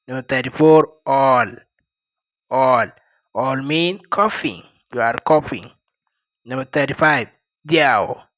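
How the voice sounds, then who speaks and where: Slow South Sudanese man teaching words. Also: medium pitch, fairly bright tone, no echo. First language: Dinka. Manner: repeats each word slowly and explains it plainly. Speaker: language teacher. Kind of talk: vocabulary lesson.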